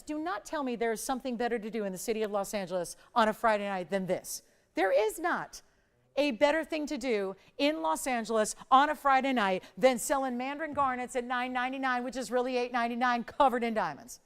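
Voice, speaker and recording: A middle-aged woman hosting a live jewelry shopping show, hoarse from a strained voice, chatty and fast-talking with joking asides. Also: a little high. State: hoarse, losing her voice. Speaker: shopping channel host. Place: TV studio.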